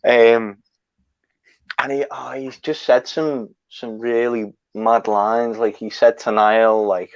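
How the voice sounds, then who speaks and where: A man's voice: mid-range voice, level tone, slow, clean tone, no room sound. A young man telling a rambling, sweary travel anecdote in a casual chat. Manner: swearing, rambling, laughs at own story. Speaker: storyteller guest. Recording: dry, slightly dull mic.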